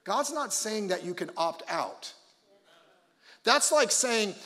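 A male pastor preaching a conversational sermon with joking asides, swinging between loud emphasis and quiet low remarks. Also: lively intonation, takes it slowly, long pauses, big-room sound.

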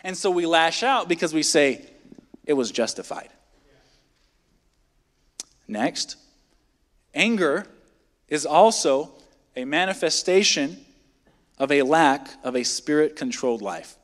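A man's voice: fairly high pitch, lively intonation, unhurried, fairly bright tone. A man preaching a midweek sermon in a church, talking in a conversational way and firing rhetorical questions at the congregation. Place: church sanctuary. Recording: long hall reverb.

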